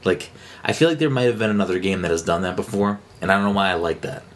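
A man co-hosting a podcast in casual chat, rambling and excitable with lots of fillers and restarts. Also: deep voice, fast talker. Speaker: podcast co-host. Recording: faint background noise.

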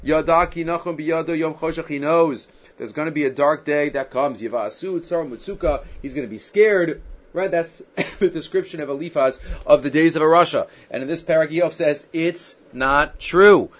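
A man's voice: fairly high pitch, moderate pace. A man teaching a Bible text to a class, reading Hebrew verses and then explaining them in a conversational way full of "right?". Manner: conversational, with fillers and frequent rhetorical "right?". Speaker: Torah teacher. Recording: dull, lo-fi sound.

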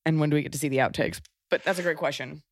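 A woman's voice: deep voice, steady tone, rapid-fire. Chatty woman host. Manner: chatty, explaining for listeners. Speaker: podcast host. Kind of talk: casual interview.

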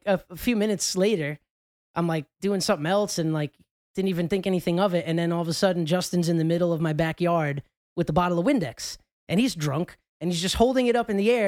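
A man's voice: high voice, darkish tone, dry recording. A man hosting a casual podcast, telling a story in a loose, rambling way full of fillers and restarts. He speaks close to the mic, and the sound is dry. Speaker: podcast host.

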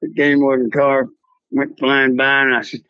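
A man's voice: mid-range voice, level tone, normal speed, dry recording, dull audio. An older man with a Texan accent, telling a rambling story as an interview guest. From South Texas. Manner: drawling, rambling storyteller, acts out voices in quotes.

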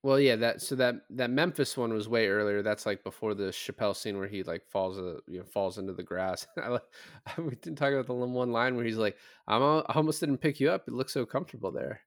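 A man's voice: mid-range voice, a little fast. Casual podcast guy retelling a film. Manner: retells scenes with quoted lines, lots of "like" and "um"; swears casually. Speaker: podcast co-host. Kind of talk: casual chat.

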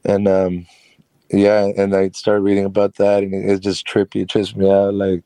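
A man's voice: sits low, completely flat delivery, normal speed, warm tone, clean tone, no room sound. A man who runs a carpentry business, telling a personal story as an interview guest in a chatty, rambling way with frequent laughs.

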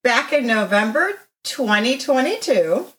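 Woman podcast host, bright higher voice that moves a lot, animated storyteller. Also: unhurried, low-quality recording. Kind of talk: casual podcast interview.

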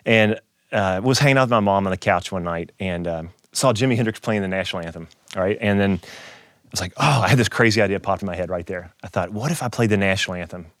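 Middle-aged man, animated storyteller, quick delivery, close dry mic. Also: low voice, no echo. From Kentucky, USA. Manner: animated storyteller who acts out quoted voices. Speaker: keynote speaker, guitarist. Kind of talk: casual storytelling interview.

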